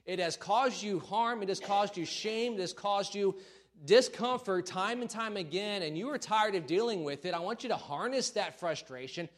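A man preaching a sermon in a church, folksy and self-deprecating, then building to loud calls to the congregation. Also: sits high, moderate pace. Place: church sanctuary.

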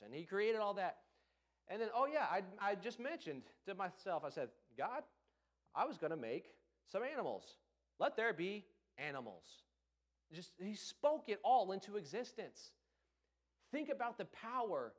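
A man preaching a sermon in a casual, conversational way, with playful acted-out asides. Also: fairly high pitch.

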